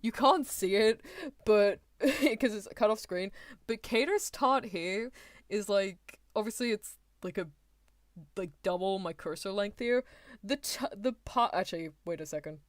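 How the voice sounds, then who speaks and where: A woman's voice: medium pitch, measured pace, no echo, clean studio sound. A woman streamer giving rambling, chatty reaction commentary, often laughing mid-sentence.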